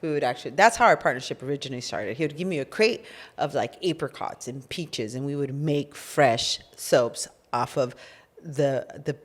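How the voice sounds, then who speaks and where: Casting: middle-aged woman, low voice, podcast co-host, chatty storyteller who acts out what people said. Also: moderate pace. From California. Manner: animated, acts out quoted dialogue. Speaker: podcast co-host, business founder. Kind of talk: casual storytelling chat.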